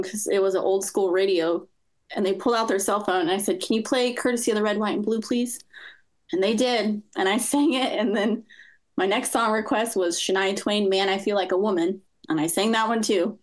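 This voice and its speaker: A woman's voice: mid-range voice, moderate pace. A woman in her thirties, a guest telling her own story in an interview, candid and blunt, with some swearing.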